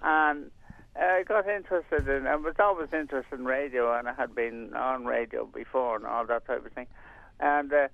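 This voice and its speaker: An older man, a community radio volunteer and presenter, is interviewed on air over a tinny, dry phone line. His medium-pitched, gravelly voice moves at normal speed, rambling and hesitant with plenty of fillers and restarts, and there's no room sound.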